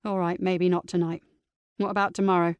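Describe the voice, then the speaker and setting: A woman voicing a calm, caring aunt, speaking low and gently in an audiobook. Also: brisk, smooth, dry recording, lo-fi sound, lightly acted. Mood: soothing. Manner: low and soothing. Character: calm, caring aunt comforting her niece.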